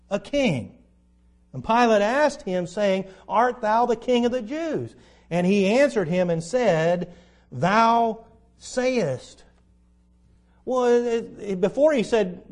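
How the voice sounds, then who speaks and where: A man's voice: sits high, darkish tone. A man preaching a verse-by-verse Bible lesson in a conversational way, asking his listeners questions and acting out the quoted lines.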